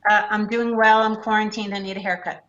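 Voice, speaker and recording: A woman joins a talk show remotely and chats in a friendly, plainspoken way. Her pitch stays flat. The call sounds dull and lo-fi. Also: fairly quick. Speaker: guest analyst. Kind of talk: casual chat.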